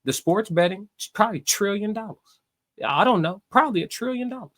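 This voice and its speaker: A high-pitched young man comments on a podcast clip with loud, mocking energy. He leans hard on slang and breaks into laughter as he talks. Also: lively intonation, fairly quick. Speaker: reaction commentator.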